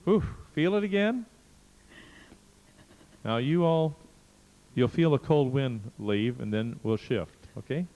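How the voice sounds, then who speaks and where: A man's voice: medium pitch, expressive, takes it slowly, long pauses, warm tone. A man leading a live seminar exercise, coaxing and pushing a participant with short, insistent prompts. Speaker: seminar leader. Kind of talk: guiding a participant through a live workshop exercise. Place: seminar hall. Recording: muffled seminar tape with long hall reverb.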